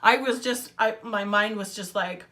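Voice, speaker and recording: A woman's voice: mid-range voice, moderate pace, sharp tone. A woman telling a casual story-time vlog in a chatty, filler-heavy way, with wry sarcasm. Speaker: vlogger.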